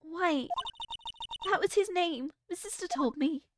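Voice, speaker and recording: A woman's voice: very high-pitched, unhurried, noisy background, pitched above the performer's own voice. A woman voicing an earnest young female companion, pleading and sincere. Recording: game music behind.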